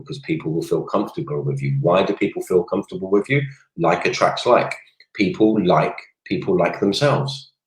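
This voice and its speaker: A male network marketing coach with a low voice gives a casual livestream coaching talk. He's energetic and rambling, drifting off on tangents, and the recording has a roomy, echoey sound.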